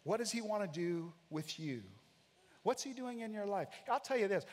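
A man's voice: high-pitched, lively intonation, normal speed. An American man preaching a sermon as pastor, emphatic and dramatic, acting out the voices in the scripture stories he retells. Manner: emphatic preacher, acts out quoted lines. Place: church sanctuary. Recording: long hall reverb.

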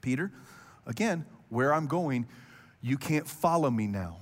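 A preacher voicing a patient grown male teacher who answers calmly and confidently. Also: medium pitch, unhurried, in a large hall. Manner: calm and confident.

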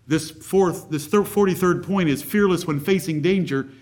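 A man's voice: sits high, normal speed, a little mellow. A male pastor preaching a sermon, driving points home with rhetorical questions.

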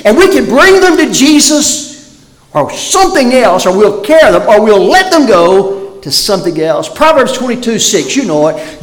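Animated high-pitched preacher in a reverberant hall. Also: male voice, normal speed. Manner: animated preaching, swings from loud emphasis to near-whispered lows. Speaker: pastor. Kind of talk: sermon.

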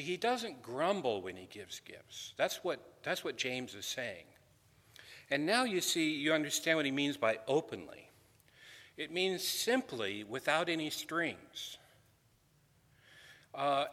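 A man teaching a scripture class, his voice bright and a little sharp. He talks in a conversational, wry way, often doubling back on his words. The sound carries a long reverb, as if in a large hall. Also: on the high side. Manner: conversational and wry, with frequent restarts. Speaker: Bible lecturer.

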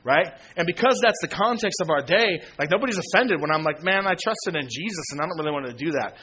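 A man in his thirties preaching a sermon in a relaxed, slangy way, acting out conversations with old friends. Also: fairly high pitch, fast talker, a little hiss or hum. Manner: casual, slangy, acts out quoted friends with laughs. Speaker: pastor.

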